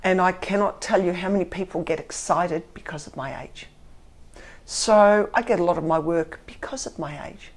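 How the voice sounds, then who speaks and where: A woman's voice: on the low side, normal speed. A woman, candidly telling her own story and acting out what people said to her. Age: 50s. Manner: animated, acts out quotes.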